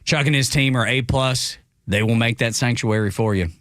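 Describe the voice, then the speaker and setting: A man's voice: medium pitch, normal speed, fairly bright tone, dry recording, clean studio sound. A man hosting morning talk radio, chatty and folksy, sounding congested as he chats and reads an ad. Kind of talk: casual talk radio chat and live-read ad. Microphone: studio microphone.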